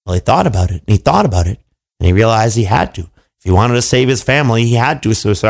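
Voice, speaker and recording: A man telling a fairy tale to children in an animated, playful way, with asides to his listeners. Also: lowish voice, quick pace, creaky. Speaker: storyteller. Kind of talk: children's storytelling.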